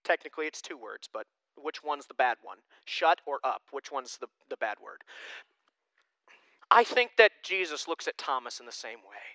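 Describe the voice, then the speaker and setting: A young man delivers a sermon with a bright, forceful voice that stays smooth and clear. He talks in an animated, joking, conversational way, and the sound is dry and close. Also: mid-range voice, moderate pace, no echo, poor audio. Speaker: pastor.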